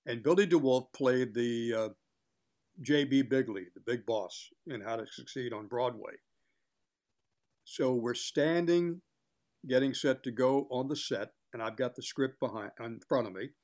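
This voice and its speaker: A man's voice: medium pitch, a little slow, darkish tone. An older man, a longtime sports broadcaster, telling chatty anecdotes in an interview and acting out what others said. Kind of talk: casual storytelling in an interview.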